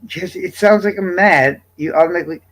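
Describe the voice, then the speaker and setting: A man's voice: sits high, brisk, a bit bright, rough recording. A man streaming live, chatting casually to viewers in a blunt, exasperated, profane way.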